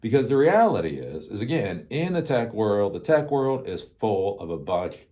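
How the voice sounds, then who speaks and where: A man's voice: on the low side, big pitch swings, moderate pace, warm tone. A man hosting a casual rant, rambling, swearing freely and often laughing. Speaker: host.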